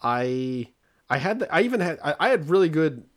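A man's voice: on the high side, big pitch swings, normal speed. A man in his forties co-hosting a podcast, telling stories about his kids in a rambling, stop-and-start way. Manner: rambling, self-interrupting storyteller. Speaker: podcast co-host. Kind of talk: casual chat.

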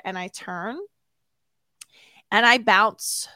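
A woman in a casual interview spins an anecdote at her own expense. She talks in an animated way and laughs often, and her voice sits at an ordinary middle pitch. The sound is dry and close, with no room echo. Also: normal speed. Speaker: interview guest.

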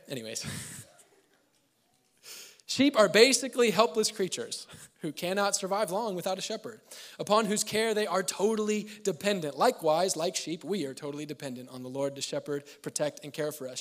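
A man preaching a sermon as pastor, mixing scripture with joking asides and laughter, swinging between loud emphasis and quiet, slow lines. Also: high-pitched, animated. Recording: long hall reverb.

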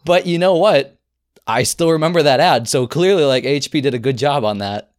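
A man co-hosting a podcast in casual chat, relaxed and mock-defensive, chuckling often. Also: on the high side, normal speed. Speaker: podcast co-host.

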